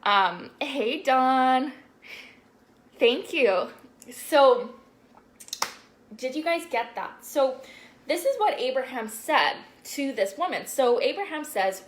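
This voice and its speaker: A woman's voice: sits high, animated, measured pace. A young woman spiritual coach talking casually on a live stream, chatty and full of "like"s and swearing. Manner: chatty, swears often, many "like"s.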